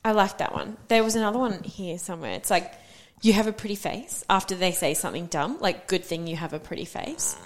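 A woman's voice: mid-range voice, a little fast. A woman co-hosting a podcast in casual chat, blunt and laughing often. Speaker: podcast co-host.

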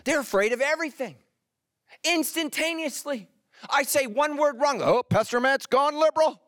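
A middle-aged pastor preaches a sermon, swinging animatedly between loud emphasis and hushed, intimate lines. His voice sits high, and the studio-quality recording has no room sound.

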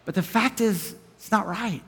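A man preaching a sermon as pastor. His delivery is emphatic, swinging from loud urgency to hushed intimacy, and he chuckles between phrases. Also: sits high, normal speed, vocal fry, husky. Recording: long reverb of a large hall.

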